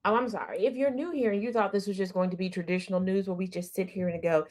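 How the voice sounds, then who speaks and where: A woman's voice: mid-range voice, fairly even intonation, fast talker, few pauses, a little mellow. A woman hosting an opinionated commentary stream, sassy and sarcastic, hammering points with rhetorical questions and repetition. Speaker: news commentary host.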